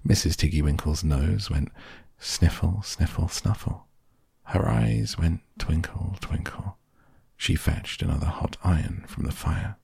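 Slow, gravelly male storyteller, gentle reading, very deep voice. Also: dry recording, clean studio sound. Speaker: narrator.

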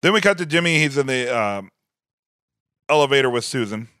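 A man co-hosting a podcast in casual chat, laughing often and reacting with animated outbursts. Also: medium pitch, brisk, smooth, dry recording, clean studio sound. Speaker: podcast co-host.

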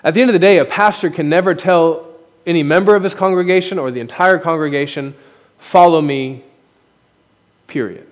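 A man preaching from the pulpit, speaking frankly and poking fun at himself as he builds his points. His voice sits a little higher than most men's, and it rings out through a church hall with a long reverb tail. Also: quick pace. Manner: candid, self-deprecating preaching with rising emphasis. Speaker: pastor. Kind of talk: sermon. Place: church sanctuary. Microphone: podium microphone.

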